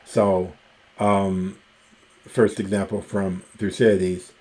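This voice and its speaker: Slow, mellow-voiced male lecturer. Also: low voice, level tone. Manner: slow, thinking aloud with fillers and self-corrections. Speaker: Greek teacher. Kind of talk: recorded online lecture.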